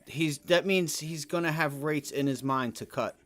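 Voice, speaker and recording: A man hosting a live day trading stream, giving loose, slangy market commentary that swells into loud rants. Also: on the high side, moderate pace. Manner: casual slangy talk that rises to loud rants. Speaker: day trading livestream host.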